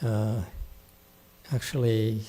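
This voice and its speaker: A man, a meditation master giving a dharma talk at a temple, scolding a student bluntly, shifting from low, measured speech to loud, high outbursts. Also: flat delivery.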